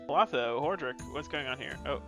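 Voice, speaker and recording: A man's voice: mid-range voice, normal speed, music in the background. A man reading game dialogue aloud for a stream, doing every character in his own voice.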